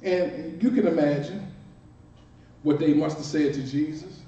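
In a church sanctuary, a male minister with a Washington D.C. accent preaches a conversational sermon full of playful asides and repeated words. His voice is on the high side, mellow and a little slow, captured in a distant, roomy, dull recording with faint hiss.

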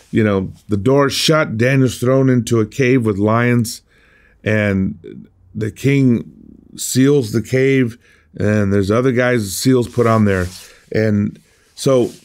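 In a streamed sermon, a man with a mid-range, darkish voice preaches earnestly and conversationally. He explains a scripture passage, frequently restarting his phrases.

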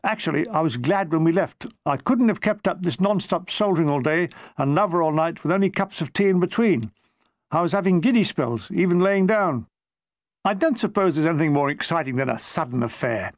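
A man's voice: sits high, dry recording. A man reading his own war memoir aloud in a dry, wry, comic storytelling manner.

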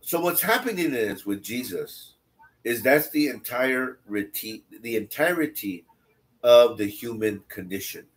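A man's voice: medium pitch, animated, measured pace. A man teaching a Bible study, reading scripture aloud and breaking off into blunt, conversational asides that repeat phrases for emphasis. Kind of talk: scripture reading with casual commentary.

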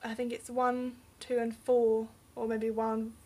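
Slow-talking high-voiced English woman. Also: completely flat delivery, a little mellow. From England. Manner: rambling, unsure, trails off into mumbles. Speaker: book vlogger. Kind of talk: casual bookcase tour.

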